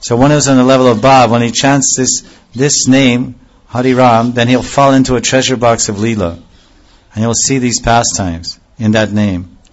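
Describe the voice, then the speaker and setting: A man giving a devotional lecture as a spiritual teacher, explaining slowly and repeating phrases and scripture terms as he goes. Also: fairly low pitch, dull audio.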